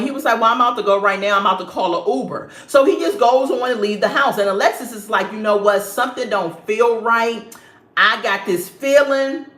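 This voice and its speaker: A young woman giving a casual, sassy review of a reality show. She laughs often and acts out the people she describes. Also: on the high side. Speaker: reality TV recap vlogger. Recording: roomy echo.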